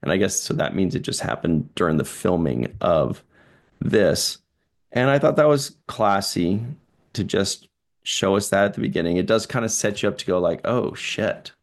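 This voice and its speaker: A man with a low, gravelly voice chats casually as a podcast co-host. He rambles a little and drops playful asides. His tone stays relaxed and conversational. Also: moderate pace. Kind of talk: casual chat.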